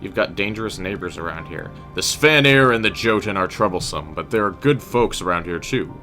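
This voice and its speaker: A man's voice: sits low, animated, fairly quick, pushed and bright, faint music behind, exaggerated voice. A man voicing a male wolf shaman from a fantasy game, reading his lines aloud with a few stumbles. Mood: earnest. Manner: reads quest dialogue aloud, stumbling. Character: gruff male wolf shaman, protective of orphans.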